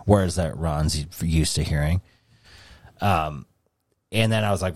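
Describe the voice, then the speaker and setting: A man's voice: very deep voice, slow, long pauses, dry recording, clean studio sound. A man co-hosting a podcast, telling a rambling, swear-heavy story in casual chat. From New England. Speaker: podcast co-host.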